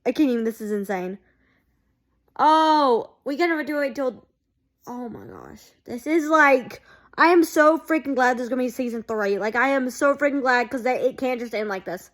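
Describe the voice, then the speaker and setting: A woman vlogger reacting to a TV episode in an excitable, gushing way, full of exclamations. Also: high voice, moderate pace.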